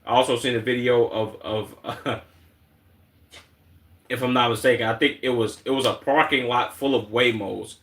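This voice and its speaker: A man's voice: mid-range voice, fairly even intonation, moderate pace, fairly bright tone. A man with a Chicago accent streaming and reacting to clips in blunt, slangy, heavily profane casual talk.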